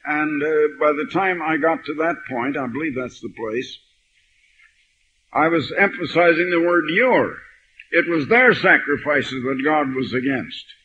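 An older man delivering a sermon, mixing personal stories with slow, emphatic scripture reading. His voice is bright and a little high. The old recording sounds dull, with a faint hiss behind it. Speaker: pastor.

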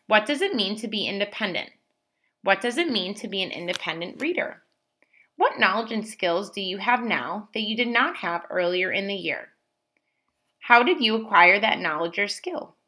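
A woman teacher giving a slow, clearly spoken lesson to young children, praising them often. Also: mid-range voice, animated, sharp tone.

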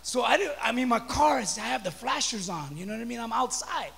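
A pastor preaching a sermon, telling a story with stammering restarts and building up to shouts. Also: male voice, very high voice, expressive, fairly quick, gravelly. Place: church sanctuary. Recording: echoey church hall.

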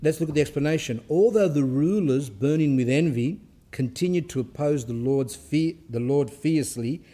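Mellow-voiced man giving a scripture talk. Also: fairly high pitch. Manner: reads a passage aloud, then pauses to explain it in plain words; halting and conversational, with restarts. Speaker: Orthodox speaker giving a talk. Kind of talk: sermon talk with scripture reading and commentary.

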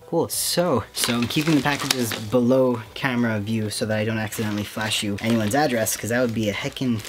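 Give me a soft-spoken, sentimental vlogger from Quebec chatting casually to camera at home. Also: medium pitch, fairly quick, soft background music. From Quebec, Canada. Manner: soft-spoken, sentimental, often says "heckin'". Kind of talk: casual unboxing chat to camera. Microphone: camera mic with ring light.

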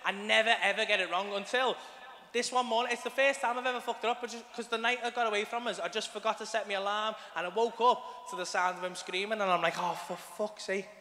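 Stand-up comic, high bright voice, crude sweary storytelling, live hall reverb. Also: male voice, fast talker, slight background noise. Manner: crude, swearing, animated and chatty. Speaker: stand-up comedian. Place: live comedy venue, large hall.

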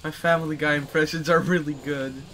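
A young man streaming a game, chatting casually, excitable and swearing a lot. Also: on the high side, fairly quick, a little hiss or hum. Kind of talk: casual gaming chat. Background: game music.

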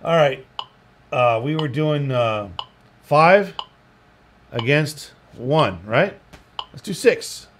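A man's voice: on the high side, animated, extremely slow, pauses often. A man, teaching guitar in a casual, rambling way, with joking asides and counted beats. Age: 60s. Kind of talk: casual spoken lesson. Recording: audible background noise.

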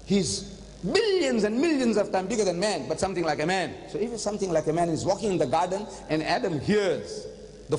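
An older man giving an animated religious lecture, telling stories and slipping in phrases. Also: high voice. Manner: animated storytelling, switching into Hindi-Urdu phrases. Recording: long hall reverb.

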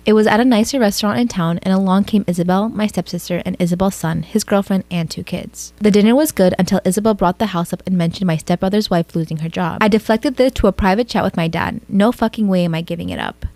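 A storytime vlogger reads posts aloud and cuts in with blunt reactions, swearing freely. Her mid-range, darkish voice runs fast with few pauses, and the recording is dry.

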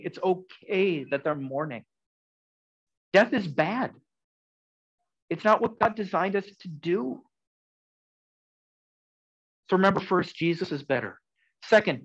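A man preaching a sermon in an earnest, conversational way, swinging from loud emphasis to soft, quiet lines. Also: sits high, muffled recording. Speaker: pastor.

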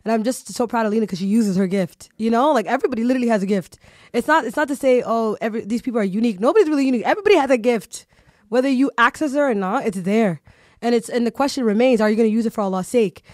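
A woman's voice: fairly high pitch, very fast, a little mellow, no room sound, clean studio sound. A woman hosting a podcast, chatting casually and animatedly, with lots of "you know" and "like" fillers. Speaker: podcast host.

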